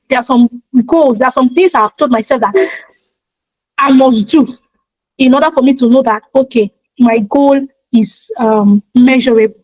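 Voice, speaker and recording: Her voice is high and a little mellow, captured dry and at low quality. In a preacher-like motivational talk, she stresses and repeats key ideas while discussing her own habits of speaking to people online.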